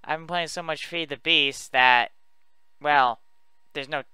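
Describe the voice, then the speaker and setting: A man's voice: fairly high pitch, unhurried, sharp tone, smooth, dry recording. A man giving casual, rambling commentary while building in a video game, chatty and self-mocking as he talks to his viewers. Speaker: let's play host.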